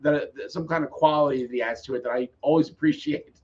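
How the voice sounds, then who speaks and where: A man's voice: on the high side, steady tone, fast, a little mellow, highs cut off. A man co-hosting a podcast, chatting casually. He talks hesitantly and agreeably, with frequent restarts. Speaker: podcast co-host. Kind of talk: casual chat.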